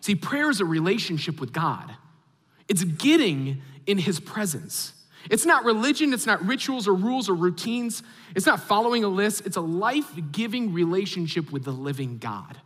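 A man in his thirties preaching a sermon as a pastor, telling a story with animated, acted-out reactions. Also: high-pitched, normal speed. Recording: long hall reverb.

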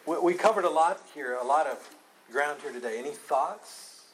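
A man's voice: fairly high pitch, lively intonation, normal speed, a little hiss or hum, low-quality recording. Earnest man teaching a Bible class. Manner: earnest, emphatic, takes questions.

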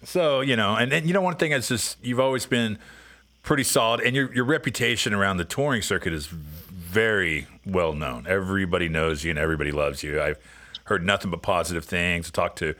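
Deep-voiced man telling rambling stories. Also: brisk, bright, forceful tone. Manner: rambling storyteller, acts out quotes. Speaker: podcast host. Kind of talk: casual chat.

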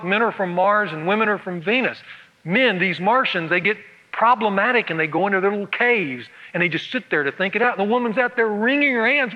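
Male pastor, high and bright, humorous storytelling sermon; long hall reverb, dull lo-fi tape.

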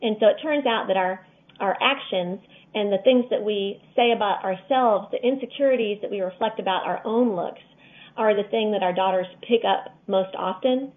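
A mother as a guest, speaking earnestly and slowly with many fillers. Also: mid-range voice. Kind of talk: casual interview talk. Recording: tinny phone line.

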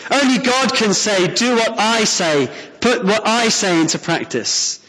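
High-voiced man preaching in a reverberant hall. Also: animated, unhurried, bright, forceful tone. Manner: earnest, emphatic preaching with rhetorical questions. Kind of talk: sermon.

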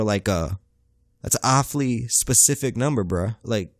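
A man's voice: fairly low pitch, animated, normal speed, no echo, studio quality. A young man hosting a podcast, telling a comic story in a laid-back, profane, slang-heavy way. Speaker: podcast host. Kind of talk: comedic storytelling monologue.

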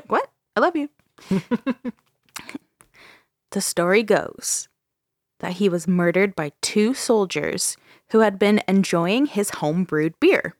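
A woman's voice: mid-range voice, expressive, slow, long pauses, a little mellow, no room sound, clean studio sound. A woman from Ontario hosting a casual podcast, telling a ghost story with frequent laughs and swearing. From Ontario, Canada. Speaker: podcast host.

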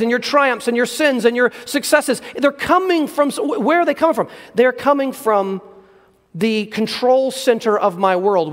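A man preaching a sermon, earnest and emphatic, slowing down to stress key words. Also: very high-pitched, fairly bright tone, big-room sound. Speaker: pastor.

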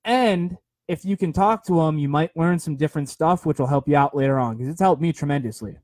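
A man's voice: on the high side, fairly quick, darkish tone, no echo. A young man giving a rambling, earnest motivational talk on a phone livestream, full of fillers and repeated words.

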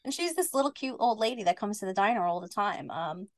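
A woman co-hosting a podcast who tells a goofy story in animated casual chat, with lots of fillers. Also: mid-range voice, fast talker, no echo. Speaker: podcast co-host.

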